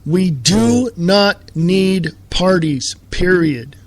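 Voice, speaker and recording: A man's voice: sits high, expressive, very slow, dry recording. A man hosting a live show, delivering a heated, sarcastic political rant full of rhetorical questions.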